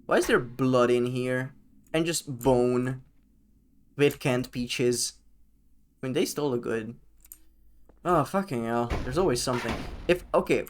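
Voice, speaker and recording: A man's voice: medium pitch, unhurried, long pauses. A man live-streaming a game, chatting casually with his chat, rambling and swearing freely.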